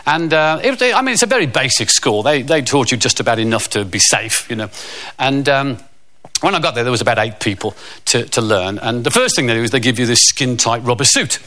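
A man's voice: mid-range voice, expressive, brisk, bright, forceful tone. A middle-aged man telling a rambling, self-mocking comic story.

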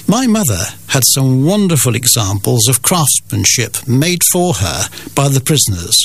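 A man's voice: mid-range voice, very animated, a little slow, dry recording. An older man from the Scottish Borders, a guest telling family stories with dry, wry humour. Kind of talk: storytelling in an interview.

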